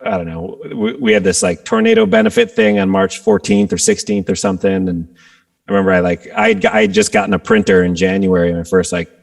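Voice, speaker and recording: A man, a guest rock guitarist, telling stories in a casual interview and acting out quotes with sudden jumps in pitch. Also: a little fast, creaky. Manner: animated storyteller, acts out quotes with jumps in pitch.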